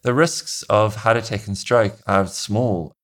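A man's voice: fairly low pitch, steady tone, unhurried, fairly bright tone. A man with a New Zealand accent, a researcher answering interview questions in a hesitant, good-humoured way. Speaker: researcher guest.

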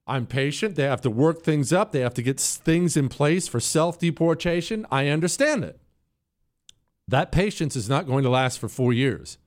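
A man's voice: a little high, expressive, normal speed. A man hosting a talk radio show, giving an emphatic, ranting opinion monologue and mocking the people he quotes. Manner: mimics others in whiny quotes.

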